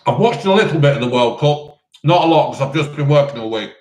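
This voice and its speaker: A man rambles through a live chat between mouthfuls, with lots of ums. His voice sits a little high for a man. The room rings with a noticeable echo. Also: animated, fast talker, a little mellow. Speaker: live-stream host answering chat. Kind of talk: casual live chat while eating. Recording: roomy echo.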